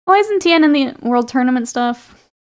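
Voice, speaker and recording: While streaming her miniature painting, a woman chats casually, laughing often as she reads and replies to the chat. Her voice sits high and sounds expressive, moving at a moderate pace.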